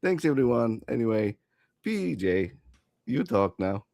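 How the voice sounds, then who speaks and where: Man player, deadpan wit, unhurried, dry sound. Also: medium pitch, gravelly, dry recording. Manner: dry, wry humor. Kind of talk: casual chat.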